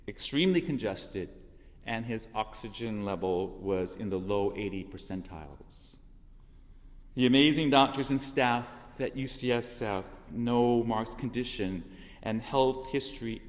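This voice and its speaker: A man speaking to his church congregation, telling a personal testimony in an earnest, heartfelt way that swells into loud emphasis. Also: mid-range voice, long reverb tail. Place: church sanctuary.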